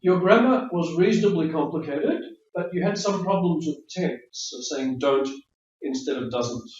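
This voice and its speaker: English examiner in a roomy classroom. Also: male voice, a little high, lively intonation, moderate pace, a little mellow. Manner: friendly, chatty, explanatory, repeats words. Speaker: IELTS speaking examiner giving feedback. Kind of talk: spoken feedback after mock test. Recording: roomy, distant, dull classroom audio.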